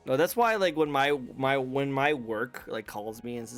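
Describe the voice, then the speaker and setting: A man's voice: medium pitch, moderate pace, fairly bright tone, soft background music. A man hosting a casual interview chat, rambling and laughing often. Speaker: interview show host. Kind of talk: casual chat over a call.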